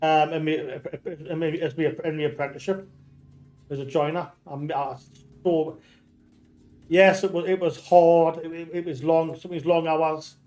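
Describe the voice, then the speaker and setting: This Geordie streamer from North East England has a voice on the high side with little pitch movement, a darkish tone, and a moderate pace, with faint music behind him. Chatting casually during a game, he rambles through stories, starting over repeatedly and cursing freely.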